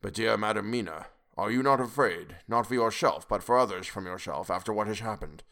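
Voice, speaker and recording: A man reading aloud as a solemn, fatherly old professor who speaks deliberately and gravely. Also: on the low side, lively intonation, a bit bright. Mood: solemn urging.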